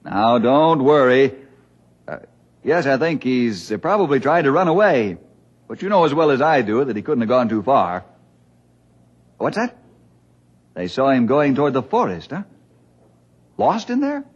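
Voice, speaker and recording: An actor playing a calm, friendly male forest ranger who speaks in a steady, reassuring way, in 1950s radio drama style. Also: mid-range voice, moderate pace, pauses often. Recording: dull lo-fi old radio recording.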